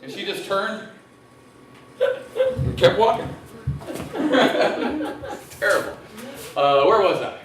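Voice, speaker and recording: Crude, loud male stand-up comic. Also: sits high, very animated, drawn-out words, long pauses, far from the mic, noisy background. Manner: crude, loud, laughs at own jokes. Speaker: stand-up comedian. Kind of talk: live stand-up set. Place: restaurant stage. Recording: echoey room heard from afar.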